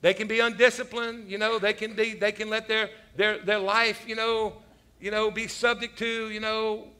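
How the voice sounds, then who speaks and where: A man preaches in a high, bright, ringing voice. He spins loose, animated stories peppered with casual asides and laughs at himself along the way. It is an easygoing sermon delivered like a conversation with his congregation. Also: moderate pace, smooth. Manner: animated storytelling, peppered with "man" and "you know"; self-deprecating humor, laughs at his own stories. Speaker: pastor.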